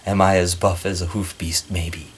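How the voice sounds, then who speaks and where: A man's voice: low voice, little pitch movement, moderate pace, slight background noise, pitched below the performer's own voice, lightly acted. A man putting on the voice of a pompous, muscle-proud young male troll, lisping through fake teeth. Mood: boastful. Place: small bedroom corner.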